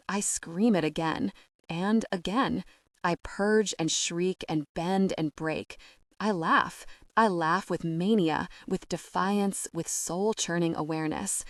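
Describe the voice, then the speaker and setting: Low-voiced woman narrating a romance audiobook. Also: no echo, clean studio sound. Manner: emotional, intimate reading.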